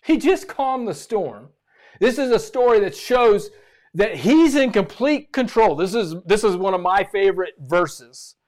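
High-voiced man preaching a sermon. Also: unhurried. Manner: animated preaching, repeats phrases for emphasis. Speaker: pastor.

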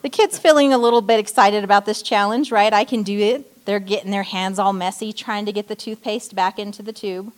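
A woman's voice: medium pitch, fairly even intonation, a little fast, hardly any pauses. A woman giving a short sermon in church, telling a story and acting out frustrated lines. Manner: storytelling, acting out quoted outbursts. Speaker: church speaker. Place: church stage.

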